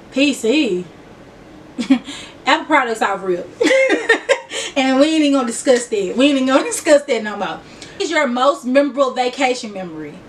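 High-voiced, giggly woman with a Memphis accent. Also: recorded from a distance, a little hiss or hum. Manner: chatty, giggly, talks straight to viewers. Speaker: vlogger. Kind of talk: casual get-to-know-me chat.

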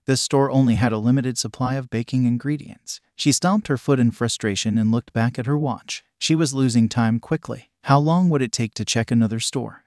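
A man narrating a fan story in an even, steady reading voice. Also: mid-range voice, no echo, clean studio sound.

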